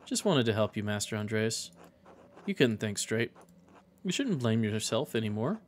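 A man reading as a gentle devoted apprentice. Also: on the low side, big pitch swings, moderate pace, a little hiss or hum. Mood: tender.

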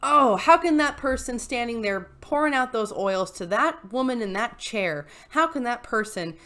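A woman hosting a casual commentary vlog, reading posts aloud and reacting with animated, exasperated ranting. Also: a little high, moderate pace. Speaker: YouTube host reading posts.

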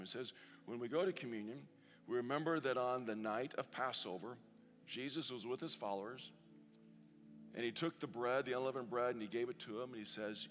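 Man preaching in a reverberant church. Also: medium pitch. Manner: earnest, slows down to stress quoted scripture. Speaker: pastor. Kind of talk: sermon and communion prayer. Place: church sanctuary. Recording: long church reverb with soft music.

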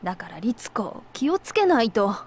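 A woman's voice: fairly high pitch, sing-song, quick pace, slight background noise. A woman voicing a stern, controlling upper-class mother in a visual novel, speaking with cold, restrained anger.

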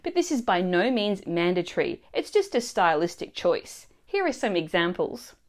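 A woman narrating a scripted language lesson in a clear, expressive teaching manner. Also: lowish voice, normal speed. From Australia.

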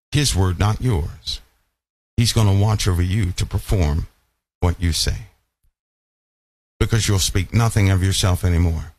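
A man with a fairly low voice preaching a sermon. He talks emphatically, keeps asking his listeners whether they see his point, and slows down and softens his voice on the lines he wants to land. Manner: emphatic, asks the audience questions often.

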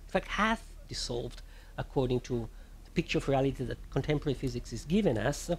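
A man from Italy with an Italian accent, giving a public lecture on physics and often pausing to search for words. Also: mid-range voice, expressive, breathy edge. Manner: thoughtful, searching for words, with restarts and fillers.

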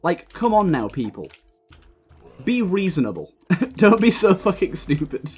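A man's voice: high-pitched, big pitch swings, unhurried, slightly rough, soft background music. Heated, sweary young man gaming. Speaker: gaming video creator. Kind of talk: live gameplay commentary.

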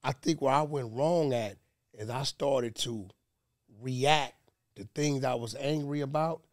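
A man's voice: mid-range voice, measured pace. A middle-aged man on a panel giving blunt, profane advice in a lecturing tone. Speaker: panel guest. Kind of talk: casual panel chat.

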